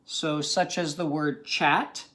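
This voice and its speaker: A man's voice: on the high side, fairly even intonation, fairly bright tone. A man teaching a recorded phonics lesson for young students. He sounds out letters and words carefully and keeps checking in with a patient "okay?". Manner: slow, patient, ends most sentences with a checking "okay?".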